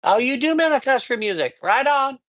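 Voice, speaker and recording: A psychic reader livestreams a card reading, upbeat and chatty, rambling a bit with frequent fillers and greeting viewers by name. His very high voice is animated and a little fast, with a fairly bright tone, no echo, and a livestream microphone.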